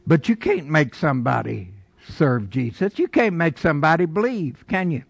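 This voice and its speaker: A man's voice: fairly high pitch, very animated, moderate pace, gravelly, slightly rough, dry recording. A man preaching a sermon in a folksy, storytelling way, with emphatic rising bursts. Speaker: pastor.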